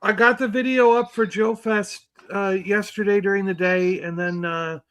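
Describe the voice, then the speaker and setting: A man's voice: high voice, fairly even intonation, moderate pace, a bit bright, no echo. A man co-hosting a livestream in casual chat, rambling with fillers. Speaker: livestream co-host.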